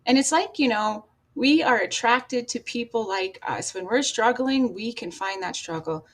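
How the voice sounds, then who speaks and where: A woman's voice: on the high side, animated, moderate pace. A woman, a podcast guest, telling her life story candidly, bluntly and with swearing, acting out old conversations. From Canada. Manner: blunt and profane, acts out past dialogue, laughs at herself.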